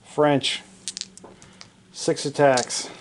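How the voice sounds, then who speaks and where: A man narrating his own tabletop wargame in a casual play-by-play, excitable, joking and swearing at his dice rolls, recorded in a home basement. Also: on the high side, very slow, slight background noise. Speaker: wargaming hobbyist narrating a battle report.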